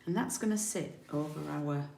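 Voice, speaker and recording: A woman's voice: low voice, moderate pace, dark tone, a little hiss or hum. A woman from the UK demonstrating card making in a chatty live tutorial, thinking aloud as she works. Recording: roomy home recording.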